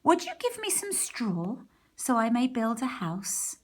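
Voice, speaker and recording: A woman voicing small young male pigs in a storybook reading, high and emphatic. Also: sing-song, a little slow. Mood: squeaky.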